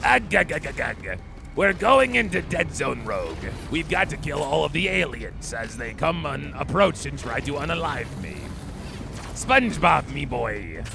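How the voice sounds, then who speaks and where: A man putting on the voice of Mr. Krabs, a gruff old cartoon crab captain, with a growling, gravelly sound. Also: a little high, big pitch swings, measured pace, background noise, full character voice. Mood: grumbling.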